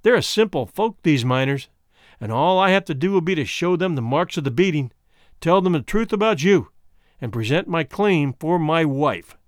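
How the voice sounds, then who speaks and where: A man's voice: a little high, animated, dry recording, studio quality, lightly acted. Mesner, a man playing a smug scheming talker. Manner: deliberate, judicial, mock-apologetic. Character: scheming, smooth-talking man, wordy and mock-polite.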